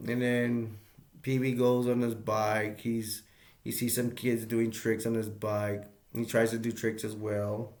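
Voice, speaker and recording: A man's voice: lowish voice, little pitch movement, unhurried, darkish tone, echoey room. A man reviewing a movie in a casual, rambling way, with many fillers and restarts as he retells scenes.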